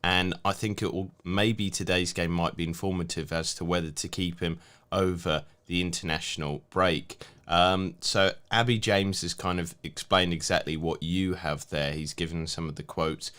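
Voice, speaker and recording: A man hosting a live stream, reading out viewer questions in a relaxed, chatty way. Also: deep voice. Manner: relaxed, chatty, laughs easily. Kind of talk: casual live-stream chat. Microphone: video call.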